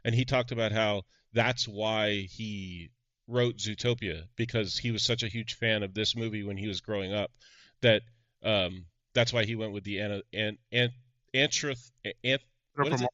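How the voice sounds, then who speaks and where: A man co-hosting a podcast with a bright, forceful voice that comes through a slightly dull, lo-fi mic. He chats casually, laughs a lot and jokes at his own expense. The sound is dry, with no room around him. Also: fairly low pitch, fairly even intonation, normal speed, no echo. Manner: laughs often, self-mocking. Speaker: podcast co-host. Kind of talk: casual chat.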